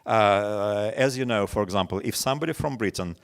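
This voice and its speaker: A man's voice: on the low side, a little fast, clean tone. A man in his forties with a Russian accent, a native Russian speaker, gives a webinar lecture to teachers and tells stories full of examples. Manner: storytelling with many examples, animated quoting. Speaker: teacher trainer.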